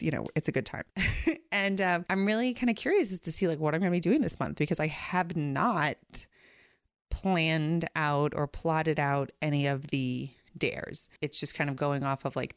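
A woman's voice: sits low, no room sound, clean studio sound. A woman hosting a podcast in casual, upbeat chat, her voice stuffed up from a summer cold. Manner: upbeat, chatty, laughs often. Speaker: podcast host.

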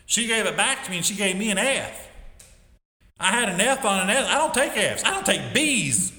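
A man's voice: high-pitched, normal speed. Emphatic man in an echoing hall. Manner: emphatic, animated storytelling. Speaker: school teacher giving a testimony. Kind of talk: storytelling testimony. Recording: echoey hall with long reverb.

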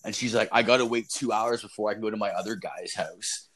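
A man's voice: fairly low pitch, fast talker, a bit bright, a little hiss or hum. A young man telling a wild story in casual chat, rambling and profane, with lots of filler words.

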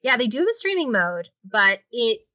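A woman's voice: fairly high pitch, big pitch swings, moderate pace, pushed and bright, no room sound. A woman co-hosting a casual podcast about video games, talking with enthusiastic, gushing hype over a remote call. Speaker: co-host and game streamer. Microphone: remote call over Discord.

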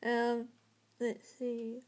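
Soft-spoken woman asking questions. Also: a little high, completely flat delivery, very slow. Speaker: interview host. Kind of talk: casual interview chat.

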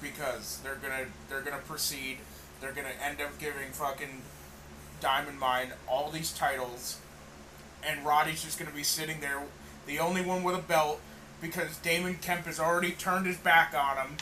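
Man, wrestling podcast co-host, rambling casual chat, high voice, faint background noise. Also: flat delivery, moderate pace, bright, forceful tone, low-quality recording. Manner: rambling, profane, self-correcting.

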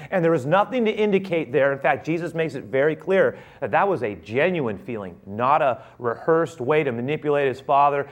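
A man preaching a sermon, retelling a story and acting out its dialogue with rising excitement. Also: a little high, moderate pace, hardly any pauses.

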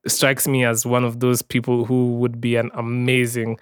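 Laid-back male podcast co-host from Kenya, smooth resonant voice, dry close sound, easygoing banter. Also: mid-range voice, monotone, normal speed, no echo. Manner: laid-back, peppers speech with "bro" and "man". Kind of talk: casual podcast outro chat.

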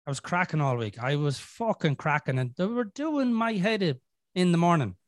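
Sweary, lively Irish man. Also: on the high side, normal speed, no echo, studio quality. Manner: profane, animated storytelling, acting out inner voices. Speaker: podcast host. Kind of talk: casual chat.

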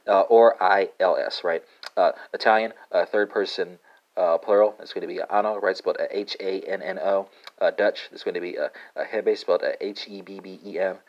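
A man hosting a casual language lesson podcast, halting with many fillers and asking "right?" after nearly every word. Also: deep voice. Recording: dull lo-fi sound.

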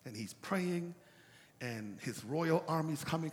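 A pastor preaching an animated call-and-response sermon that builds up to shouts. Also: male voice, on the high side, slow pace, big-room sound.

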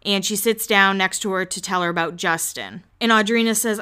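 Bright chatty woman recapping a show. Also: mid-range voice, smooth. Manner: chatty, quotes people in quick acted voices. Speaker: podcast host recapping a reality show. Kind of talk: casual recap chat.

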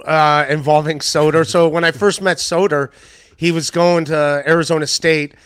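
Guy on a podcast mic, higher voice, tells stories and does the voices, dead dry sound. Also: steady tone, normal speed, a bit bright, smooth, no echo. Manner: storyteller who acts out quoted lines. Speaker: comedian guest. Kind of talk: casual podcast chat.

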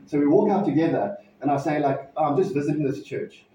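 A pastor telling a personal story in a sermon, conversational and halting, with frequent restarts. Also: male voice, on the high side, mellow, a little hiss or hum. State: emotional, near tears. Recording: distant mic in echoey hall, dull sound.

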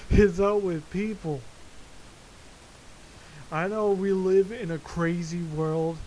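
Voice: mid-range voice, slight background noise, low-quality recording. Foul-mouthed podcaster ranting with laughs. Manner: profane, frequently laughing, animated storytelling. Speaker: podcast host. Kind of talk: casual solo rant. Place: Florida.

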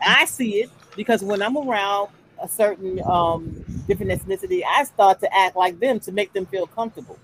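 A woman's voice: medium pitch, expressive, brisk, hardly any pauses, fairly bright tone, a little hiss or hum, rough recording. A woman chatting on a podcast, telling stories animatedly and acting out the voices she quotes. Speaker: podcast panelist. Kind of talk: casual chat.

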